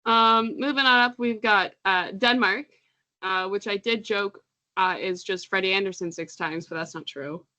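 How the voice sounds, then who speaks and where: A woman's voice: medium pitch, moderate pace, bright, forceful tone, lo-fi sound. A woman co-hosting a casual podcast, chatty and laughing often, stumbling over names as she reads them out. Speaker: podcast co-host. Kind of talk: casual chat.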